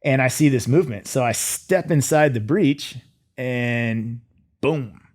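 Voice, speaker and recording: A middle-aged man speaks as a podcast guest at a mid-range pitch. He recounts a story in a relaxed, conversational way, with fillers and bits of dry humor. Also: unhurried. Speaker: military veteran interview guest. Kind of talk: casual storytelling in a podcast interview.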